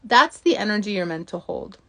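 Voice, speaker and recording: A woman giving a casual motivational talk as a mindset coach, chatty and animated, often asking "right?" and acting out inner thoughts. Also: medium pitch, brisk.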